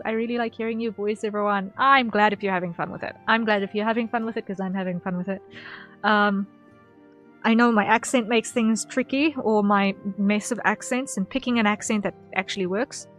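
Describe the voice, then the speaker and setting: A woman's voice: medium pitch, fairly quick, a bit bright. Rambling woman streamer chatting. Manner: rambling, repeats words, many ums. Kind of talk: casual chat with viewers. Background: faint background music.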